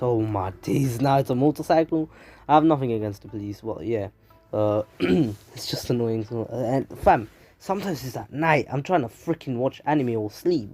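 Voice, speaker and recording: With traffic sirens drifting in from the city street, a young man with a London accent hosts his YouTube anime channel from home. His voice is mid-range and warm. He recaps a story loosely, rambling with plenty of fillers and false starts.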